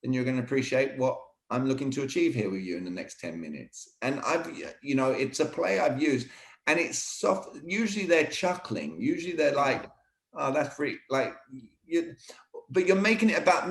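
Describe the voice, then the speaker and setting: A man coaching on sales technique in an energetic, emphatic way, often saying "all right". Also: medium pitch, moderate pace. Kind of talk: teaching sales techniques in conversation. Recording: roomy echo.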